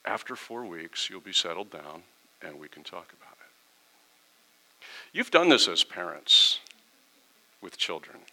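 A man's voice: deep voice, very animated, slow, long pauses, bright, forceful tone, slight background noise, rough recording. A middle-aged pastor giving a conversational sermon, acting out quoted exchanges with his congregation.

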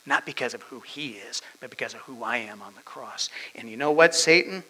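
A male preacher giving a dramatic sermon, swinging from loud declarations down to whispers. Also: mid-range voice, animated, a little fast, slight background noise, rough recording.

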